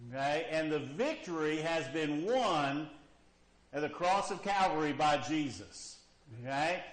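A man pastor preaching a sermon to a congregation, who often stops to ask "okay?" to check that his listeners are following. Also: fairly high pitch. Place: church hall with a congregation, also live-streamed. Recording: echoey church hall.

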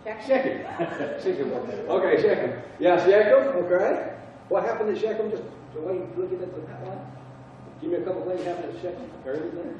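A man with a Southern US accent teaching a Bible class, halting and repeating himself as he quizzes the group. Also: sits high, lively intonation, a crowd in the background. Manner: halting, repeats words, asks the class questions. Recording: echoey room from far off, dull sound.

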